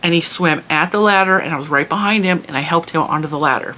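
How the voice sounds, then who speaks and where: A woman's voice: low-pitched, quick pace, sharp tone, a little hiss or hum. A woman telling a long story in a casual vlog, chatty and rambling with lots of restarts. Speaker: vlogger and mother.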